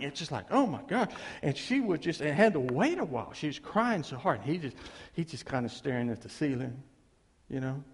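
A man with a high voice whose pitch swings widely tells a story from the pulpit. His delivery is animated and folksy, with plenty of repeated "I mean"s. The sound carries a long hall reverb, as in a big church. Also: slightly rough. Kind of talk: sermon storytelling.

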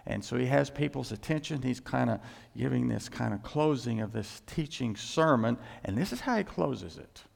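A male pastor delivers a sermon with an emphatic, building delivery. His voice sits in a mid register with a heavy gravelly fry. The sound rings with the long reverb of a large church hall. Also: expressive, normal speed. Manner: emphatic, rises in pitch and volume for emphasis.

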